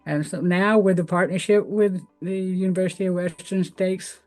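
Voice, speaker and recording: A woman's voice: lowish voice, fairly even intonation, normal speed, a little mellow, soft background music. A middle-aged woman with a Southern US accent from Tennessee, a guest telling her story candidly with frequent fillers. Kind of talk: interview answers.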